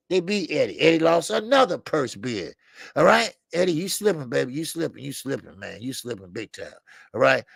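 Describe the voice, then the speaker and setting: Male boxing talk host with a gravelly, high-set voice and an emphatic, repetitive, salty delivery. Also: dry recording, studio quality. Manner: profane, emphatic, repeats phrases, laughs often. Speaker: call-in boxing show host. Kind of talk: animated casual commentary.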